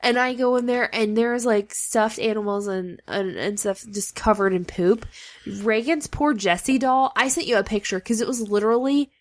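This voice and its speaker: A young woman co-hosting a podcast, animated and laughing as she tells home stories. Her voice sits a little high. She talks close to the mic in an easy chat. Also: normal speed. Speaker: podcast co-host. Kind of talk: casual chat.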